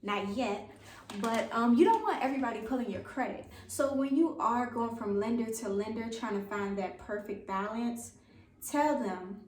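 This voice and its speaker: A woman talks through home-buying tips in a chatty, informal vlog, poking fun at herself as she goes. Her voice sits a little high. The sound is roomy and echoey, with the mic some distance away. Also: normal speed, a little mellow, slight background noise. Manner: chatty, informal, self-deprecating. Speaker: vlogger. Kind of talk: casual advice vlog.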